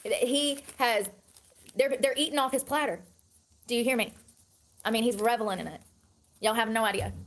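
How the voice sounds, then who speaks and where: A woman's voice: on the high side, moderate pace, pauses often, fairly bright tone. A woman in her thirties ranting to camera in a heated, profane, repetitive way. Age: 30s. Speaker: online personality.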